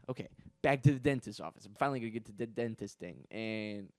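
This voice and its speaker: A man's voice: medium pitch, fast, no echo, clean studio sound. A young man hosting a comedy podcast, telling rambling, digressive stories full of fillers, restarts, swearing and self-deprecating asides. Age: young adult. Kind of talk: casual comedic storytelling.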